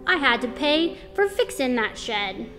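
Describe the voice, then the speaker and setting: A woman's voice: sits high, very animated, unhurried, big-room sound, music in the background, exaggerated voice. A woman reading aloud, voicing a grumpy farm father who grumbles sternly in a storybook.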